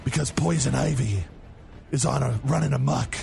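A man doing an impression of a gruff, brooding male superhero with a gravelly growl, reading menu specials with a strained throat. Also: mid-range voice, normal speed, darkish tone, faint music behind, voice pushed down. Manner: mock-serious waiter reading specials. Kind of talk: on-the-spot impression.

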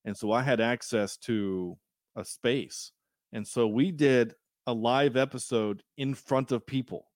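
Rambling podcast host, dry close mic. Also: male voice, medium pitch, measured pace, a little mellow, dry recording. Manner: rambling, self-deprecating, many restarts. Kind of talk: casual podcast chat.

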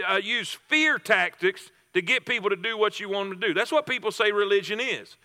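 Man, pastor, high bright voice, emphatic sermon, long reverb. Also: normal speed. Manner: emphatic preaching with repeated phrases and restarts.

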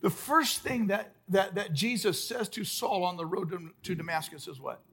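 A man preaching a sermon as pastor at a church service, emphatic, swinging between loud outbursts and hushed, soft lines. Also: high voice, normal speed, husky.

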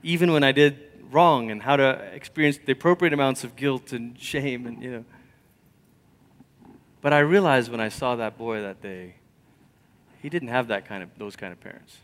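A man preaching a sermon, telling stories conversationally and swinging from loud emphasis to near whispers. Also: mid-range voice, normal speed. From Malaysia. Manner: storytelling, conversational. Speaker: pastor.

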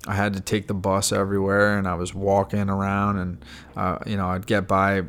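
A man's voice: sits low, completely flat delivery, moderate pace, a bit bright. A young adult man frankly telling his personal story in a casual, unscripted way, with frequent fillers and the odd swear word. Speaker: podcast guest sharing his recovery story.

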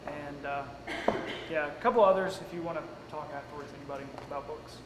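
A man in the audience casually listing recommended books, pausing between items. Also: fairly high pitch, steady tone. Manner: casual, lists items with pauses. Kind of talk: Q&A comment. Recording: echoey hall, noise.

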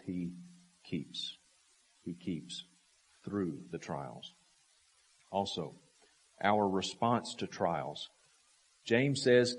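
This man preaches with emphasis, his voice carrying a breathy edge as he poses rhetorical questions and returns to key phrases again and again. He shifts from raised, forceful passages down to hushed ones.

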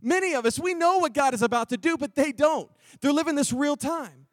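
A man preaching a sermon in a church, acting out Bible characters with lively swings from loud to hushed. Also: very high voice, a little fast, no room sound, clean studio sound. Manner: animated, acts out Bible characters, drops to near whisper. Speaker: pastor. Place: church auditorium.

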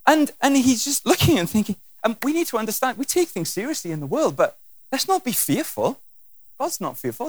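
A man's voice: extremely high pitch, a little fast. A man preaching a sermon with humour, acting out scenes and voices as he goes. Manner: animated and humorous, acting out scenes.

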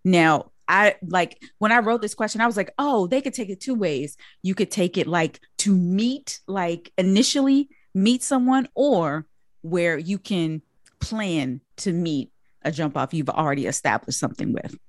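A woman's voice: on the low side, expressive, a little slow, dry recording, clean studio sound. A woman hosting a casual chat, reading out questions with playful asides. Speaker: host.

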